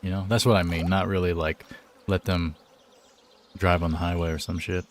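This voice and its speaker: A man's voice: low-pitched, level tone, moderate pace, a little hiss or hum. A man chatting casually on a live game stream, laid-back and joking, full of slang.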